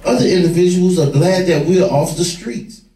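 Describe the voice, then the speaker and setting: A former gang leader telling street stories to young people, vivid and plain-spoken. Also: male voice, high-pitched, steady tone, normal speed, dark tone. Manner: vivid storyteller, acts out quoted voices. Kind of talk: storytelling talk to a room. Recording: echoey room, far from the mic.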